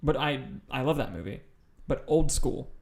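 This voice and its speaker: Here a co-host of a movie podcast speaks at medium pitch and a moderate pace, expressive, with vocal fry and a darkish tone. It's laid-back, eager conversation with lots of cursing and filler words.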